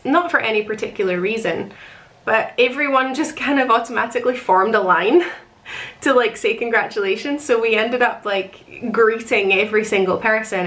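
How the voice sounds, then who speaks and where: Young woman, chatty, rambling, emotional, laughs often, middle pitch. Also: fairly bright tone. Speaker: author recounting her wedding. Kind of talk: casual rambling storytelling.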